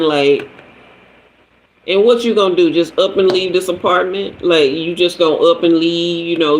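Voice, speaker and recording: A man's voice: fairly high pitch, low-quality recording. A man hosting a livestream, telling a personal story and answering viewers by name. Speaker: livestream host, tarot reader.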